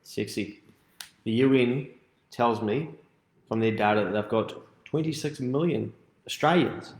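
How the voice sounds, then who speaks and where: A man's voice: mid-range voice, unhurried, roomy sound. A man with a New Zealand accent, laid-back and wisecracking as podcast co-host. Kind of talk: casual chat.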